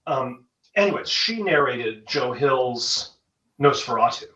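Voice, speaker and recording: A man's voice: medium pitch, expressive, slow pace, bright, forceful tone, roomy sound, recorded from a distance, highs cut off. A man, a guest author, chatting casually and self-deprecatingly, with frequent restarts. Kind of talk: casual interview chat.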